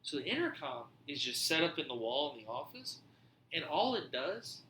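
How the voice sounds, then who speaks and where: A man hosting a podcast, telling a story in a casual, animated way, swearing freely and acting out what people said. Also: fairly high pitch, moderate pace, echoey room, a little hiss or hum. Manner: animated, profane, acts out quoted dialogue. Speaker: podcast host.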